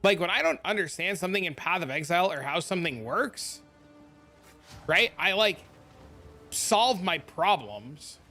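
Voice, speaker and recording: A man's voice: sits high, moderate pace, soft background music. A man streaming live, chatting and ranting casually to his viewers while reading their comments aloud. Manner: animated, ranting, reads chat aloud.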